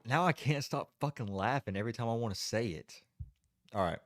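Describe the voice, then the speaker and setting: A man's voice: mid-range voice, expressive, fairly quick, no echo. A man hosting a casual livestream, chatty and giggly, stalling and restarting between laughs. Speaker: livestream host.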